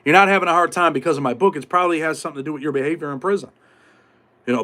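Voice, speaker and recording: A man's voice: on the high side, very fast, pushed and bright. A middle-aged man hosting a live stream, talking casually in streetwise slang with swearing, acting out voices from prison life as he tells stories. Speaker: podcast host.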